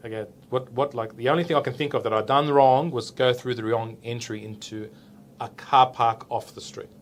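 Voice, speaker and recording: At normal speed in a mid-range voice, an Australian man in his forties who works as a police officer recounts a story in an interview. He's casual and animated, playing out the dialogue and adding "right?" A little hiss or hum is audible.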